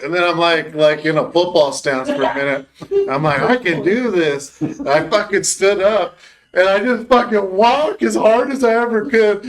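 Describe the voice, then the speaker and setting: A young man with a fairly high voice tells a rambling, profane story, acting out his own lines with lots of energy. He talks casually, like he's with friends on a podcast. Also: normal speed. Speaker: podcast co-host.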